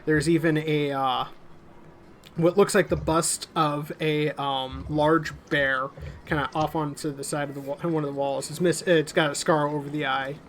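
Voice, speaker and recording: A man narrating a tabletop game as game master in a relaxed way, often pausing on "uh". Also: on the high side, slight background noise. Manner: relaxed, many "uh" fillers.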